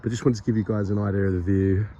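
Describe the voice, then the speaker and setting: A man's voice: on the low side, fairly even intonation, rapid-fire, mellow, lo-fi sound, slight background noise. Breathless man vlogging outdoors. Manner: chatty, rambling, self-mocking. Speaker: vlogger exploring a historic site. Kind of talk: casual walking vlog. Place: outdoors on a hilltop by a graveyard. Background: birdsong.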